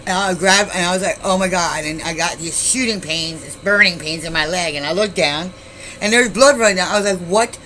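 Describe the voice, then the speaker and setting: A woman's voice: lowish voice, a little fast, sharp tone, a little hiss or hum, poor audio. A middle-aged woman casually telling a story to her YouTube viewers, rambling and blunt, swearing freely with many asides.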